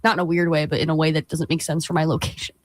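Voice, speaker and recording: Young woman radio cohost rambling, kinda low voice, dry studio sound. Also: very fast, dry recording. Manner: rambling, animated, lots of fillers. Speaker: radio show co-host. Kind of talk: casual chat.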